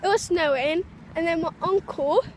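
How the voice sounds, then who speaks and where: A woman's voice: very high voice, normal speed, noisy background. A woman vlogging casually from a park into a handheld phone, chatty and rambling with lots of fillers. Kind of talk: casual vlog chat. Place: outdoors in a park.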